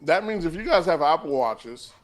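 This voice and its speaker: A man's voice: fairly high pitch, animated, normal speed. A young man co-hosting a casual podcast chat, boasting and sometimes talking with food in his mouth. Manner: boastful, talks while eating. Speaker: podcast co-host.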